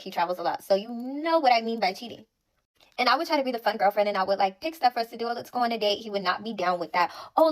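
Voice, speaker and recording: A young woman quickly and bluntly telling a breakup story in a casual storytime. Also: mid-range voice, low-quality recording. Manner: fast, blunt, candid. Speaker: TikTok storyteller.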